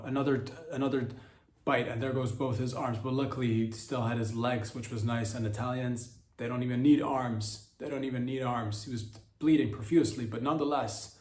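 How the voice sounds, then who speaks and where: Male podcast comic, rambling and crude, mid-pitched, roomy echo. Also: fairly even intonation, fairly quick, darkish tone. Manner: rambling, crude, many fillers and restarts. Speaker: podcast host. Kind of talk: rambling comedic monologue.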